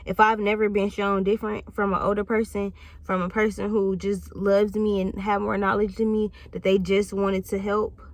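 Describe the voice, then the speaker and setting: A woman's voice: mid-range voice, level tone, moderate pace, no echo. A woman in her thirties talking bluntly and reflectively in a candid vlog monologue, swearing freely. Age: 30s. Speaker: channel host.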